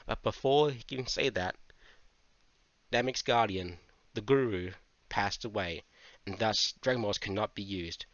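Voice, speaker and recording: A man giving a casual manga review, animated, swearing freely and going off on tangents. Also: lowish voice, a little slow, pauses often, dry recording. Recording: dull lo-fi dry mic.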